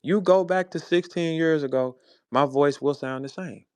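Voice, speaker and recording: A man's voice: on the high side, moderate pace, a little mellow, clean tone, dry recording. A man in his forties from St. Louis delivering a heated, profane, mocking rant as host of his own show. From St. Louis, USA. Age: 40s. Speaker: battle rap personality, host. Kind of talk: heated monologue.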